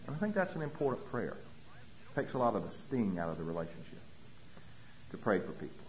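A man sharing his recovery story from a podium as a personal testimony, telling it in an animated way and acting out other people's voices. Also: on the low side, fairly quick. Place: speaking at a podium. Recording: dull lo-fi recording with faint hiss.

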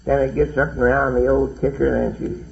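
A man's voice: medium pitch, level tone, brisk, gravelly. A middle-aged man giving a plainspoken, folksy personal testimony talk, on a dull lo-fi recording with faint hiss. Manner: plainspoken, folksy storytelling with dialect grammar.

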